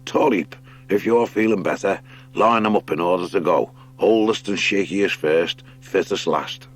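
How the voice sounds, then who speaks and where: Man voicing an old male hare, brisk, bossy, matey, storybook. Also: deep voice. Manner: brisk, gives orders, says mate. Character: old male boxing hare, steady leader.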